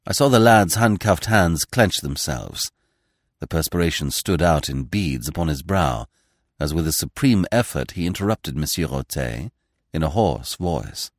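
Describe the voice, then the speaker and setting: A man's voice: rumbling low, expressive, a little slow, no room sound, clean studio sound. A man giving a dramatic scripted reading of a classic mystery novel. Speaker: audiobook narrator. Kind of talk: scripted narration.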